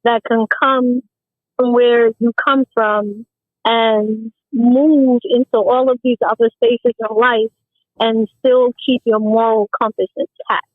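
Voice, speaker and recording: A woman's voice: a little high, little pitch movement, slow, dry recording. Woman on a tinny phone line. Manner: earnest, repeats words as she talks. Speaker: caller. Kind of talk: casual phone chat.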